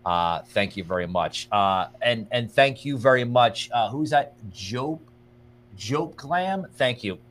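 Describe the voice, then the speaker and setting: A young man hosts a casual livestream talk show, rambling and thanking viewers by name with plenty of fillers. His voice sits at an ordinary middle pitch. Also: expressive, slow pace, a bit bright. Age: young adult. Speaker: podcast host.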